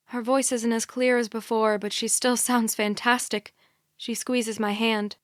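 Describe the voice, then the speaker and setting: A woman's voice: on the high side, flat delivery, measured pace, no echo, faint music behind. A woman reading a young adult thriller in the first person, tense and earnest, on a close studio mic. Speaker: audiobook narrator. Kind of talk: scripted first-person narration.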